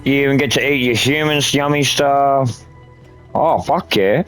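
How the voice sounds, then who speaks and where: A man's voice: mid-range voice, unhurried, fairly bright tone, faint music behind, rough recording. A man chatting casually while gaming, rambling and swearing a lot. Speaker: gaming streamer.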